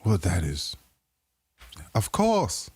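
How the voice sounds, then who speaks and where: Slow, lively-voiced man joking on stream. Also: lowish voice, slightly rough, no room sound. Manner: playful, keeps breaking into laughter; crude joking banter. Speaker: live stream host. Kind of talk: casual reaction commentary.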